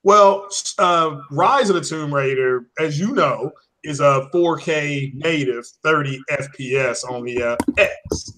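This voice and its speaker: A man with a somewhat high voice hosts an online show. He chats in a loose, easygoing way, sometimes speeding up as he explains things. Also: measured pace, sharp tone, a little hiss or hum. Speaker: show host. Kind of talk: casual chat.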